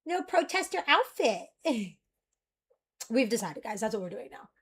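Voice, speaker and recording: A young woman streamer chatting casually, rambling and ranting in an animated way. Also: on the high side, unhurried, husky.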